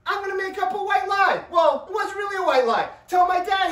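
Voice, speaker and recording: Animated man telling a story, roomy and distant. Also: extremely high pitch, brisk. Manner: animated, loud bursts, keeps asking "right?". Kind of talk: casual storytelling.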